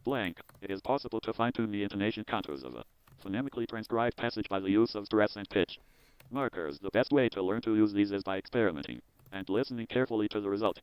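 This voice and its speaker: A man with a low, smooth, resonant voice reads a software manual aloud, one word at a time and in a measured way. He stops now and then to restart a word. The sound is close and dry. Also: lively intonation, dry recording, low-quality recording. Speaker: host. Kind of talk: reading a technical manual aloud.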